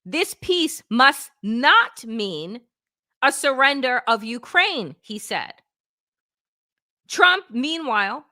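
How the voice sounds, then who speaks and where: Woman political show host, blunt and sarcastic, high lively voice, unhurried. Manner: emphatic, blunt, sarcastic, swears freely. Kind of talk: opinionated political commentary.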